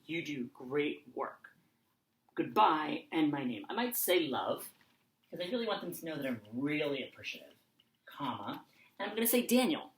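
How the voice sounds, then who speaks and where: Giving an online lesson to young children, a woman with a low voice speaks slowly and dictates each word aloud as she writes it. Her pitch rises and falls a great deal, and the audio has a roomy echo.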